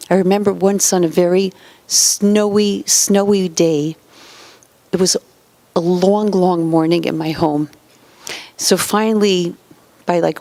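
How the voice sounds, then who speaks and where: A woman giving a parenting lecture in numbered points, acting out quoted parents and children and often dropping to a soft whisper. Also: lowish voice, no echo. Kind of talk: motivational lecture.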